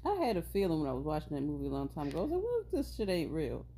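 A woman's voice: low voice, wildly swooping pitch, rapid-fire, mellow, breathy edge. A woman in her thirties co-hosting a podcast, chatting casually with playful laughing asides. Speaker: podcast co-host. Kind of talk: casual chat.

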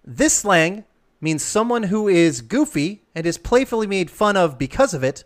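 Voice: mid-range voice, moderate pace. A quiz game host reading questions and joking with contestants in an upbeat way. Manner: playful, jokey, animated.

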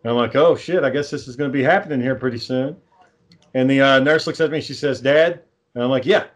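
A man's voice: medium pitch, fast talker. A young adult man co-hosting a casual chat, rambling through stories and swearing freely. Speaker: podcast co-host.

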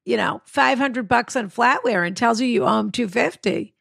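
Creaky-voiced middle-aged woman giving advice. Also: fairly high pitch, expressive, normal speed, fairly bright tone, no echo, clean studio sound. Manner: wry, matter-of-fact, plainspoken. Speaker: advice podcast co-host. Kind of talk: casual advice chat.

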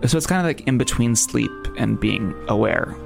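A man with a New Jersey accent tells a story in a loose, rambling way, stopping and restarting often. His voice has a gravelly edge. Faint music plays underneath. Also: medium pitch, big pitch swings, moderate pace. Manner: rambling, many fillers and restarts. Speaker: podcast guest. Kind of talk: casual storytelling.

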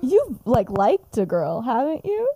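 A woman's voice: a little high, huge pitch swings, a little slow, a crowd in the background. A young woman chatting casually on a podcast, retelling a story she wrote and acting out the characters' lines with lots of giggles. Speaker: podcast co-host. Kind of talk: casual chat, retelling her own story.

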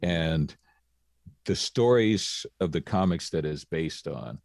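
A man co-hosting a casual podcast, speaking in a measured, hesitant way with many fillers. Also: deep voice, animated, creaky, darkish tone, dry recording, clean studio sound. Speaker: podcast co-host. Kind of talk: casual chat.

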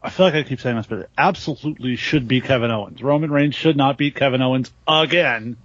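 A man's voice: mid-range voice, quick pace, fairly bright tone, dry recording. A man co-hosting a casual podcast, blunt and joking as he gives his picks. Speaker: podcast co-host. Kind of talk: casual chat. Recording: dull lo-fi audio.

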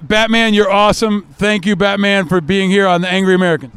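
A man hosting a podcast, interviewing passersby on a city street with quick joking banter. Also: high voice, steady tone, a bit bright, smooth, dry recording.

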